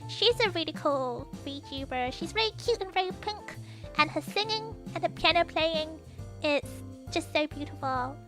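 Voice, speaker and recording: A young woman with a British accent and a very high, bright voice that swoops lively up and down. She chats in a bubbly, quick way as a streamer, with faint music playing behind her. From United Kingdom. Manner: bubbly, chatty and quick-talking. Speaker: VTuber streamer. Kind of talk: casual chat.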